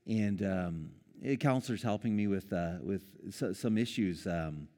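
A man preaching a sermon in a casual, conversational way, lively when quoting and quick to chuckle. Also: low voice, big-room sound. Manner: conversational, animated when quoting, with small laughs and restarts. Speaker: pastor.

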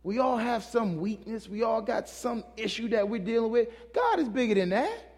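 A man's voice: very high-pitched, lively intonation, moderate pace. A male pastor preaching a sermon in a loose, conversational way, often calling out questions to the congregation. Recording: long hall reverb.

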